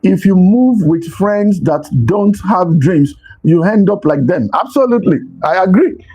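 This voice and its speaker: A man's voice: high voice, animated, measured pace, warm tone, slightly rough, rough recording. A man giving a motivational talk as host, stressing points by repeating them. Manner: emphatic, repeats key phrases.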